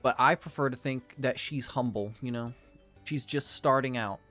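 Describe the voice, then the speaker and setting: A man's voice: medium pitch, moderate pace, bright, forceful tone, soft background music. A young man giving casual, jokey let's-play commentary, self-deprecating with theatrical outbursts, as a gaming video creator.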